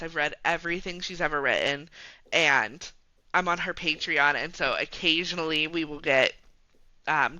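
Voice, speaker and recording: A woman guest on a podcast, talking about the books she loves in a bright, ringing voice. She speaks a little low for a woman, keeps filling her sentences with little fillers, and laughs often. The sound is close and dry. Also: dry recording, low-quality recording. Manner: chatty and laughing, many fillers. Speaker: guest, romance bookstore founder. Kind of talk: casual podcast chat.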